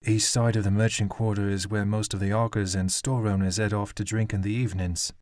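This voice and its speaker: A man voicing a wary young male guardsman who talks in a careful, hushed way. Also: on the low side, little pitch movement, a little fast, no echo, studio quality, close to an everyday voice.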